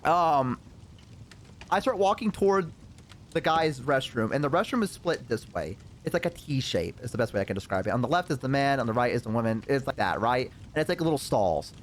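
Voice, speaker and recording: Animated, profane male streamer storyteller. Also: medium pitch, fairly quick, a little hiss or hum. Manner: animated, profane, rambling with fillers. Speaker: VTuber streamer. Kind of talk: casual storytelling anecdote.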